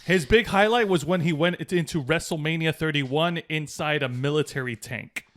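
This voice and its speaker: A man co-hosting a podcast, relaxed and chatty, reading out news notes. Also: a little high, normal speed. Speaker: podcast co-host. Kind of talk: casual chat.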